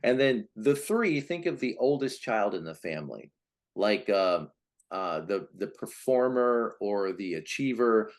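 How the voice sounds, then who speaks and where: A man being interviewed as a personality coach, explaining in a conversational way, often restarting and now and then acting out quoted voices. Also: measured pace. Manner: animated, acts out voices of types with big pitch jumps; many restarts and repeated words. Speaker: Enneagram coach, guest.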